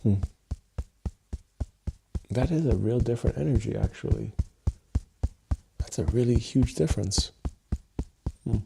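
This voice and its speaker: A man hosting a tapping livestream who rehearses his intro over and over, swears casually and thinks aloud with long pauses while seated at his desk. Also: mid-range voice, gravelly, noisy background. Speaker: livestream host, EFT tapping coach. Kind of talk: unscripted livestream self-talk. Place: seated at his home workstation.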